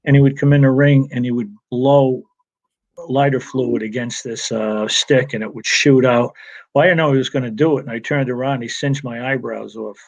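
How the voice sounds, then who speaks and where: In a casual storytelling interview on a remote call, a retired wrestling referee rambles through anecdotes from his career, with restarts and laughs along the way. He speaks at a moderate pace in a medium-pitched voice with fairly even intonation.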